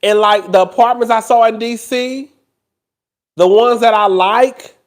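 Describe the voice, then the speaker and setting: A man from Houston, hosting a casual chat to camera in an animated, gossipy way and laughing often. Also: sits high, measured pace. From Houston, Texas. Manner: animated and gossipy, laughs often, addresses listeners as "girl" and "child". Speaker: host.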